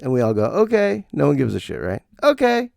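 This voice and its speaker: A man's voice: lowish voice, rapid-fire, vocal fry, mellow, no echo, studio quality. A middle-aged man hosting a podcast in a rambling, self-deprecating comedic monologue. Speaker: podcast host.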